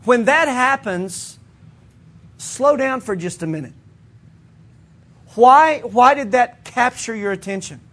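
A man's voice: very high voice, animated, takes it slowly, pauses often, fairly bright tone. A pastor giving a conversational sermon to his congregation. He speaks earnestly and often restarts his sentences mid-thought.

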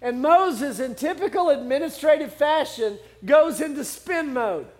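A man's voice: very high-pitched, measured pace. A man preaching a sermon in a conversational, humorous way, acting out quotes from the scripture as he goes. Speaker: pastor.

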